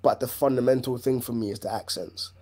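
A man's voice: medium pitch, steady tone, fairly quick, a little mellow. A man with a London accent, co-hosting a casual podcast chat and talking in an emphatic way that repeats his points. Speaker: podcast co-host.

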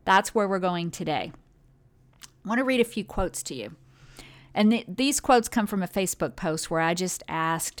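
A woman's voice: fairly low pitch, animated, moderate pace. A woman hosting a motivational talk on well-being, speaking directly and conversationally to her listeners.

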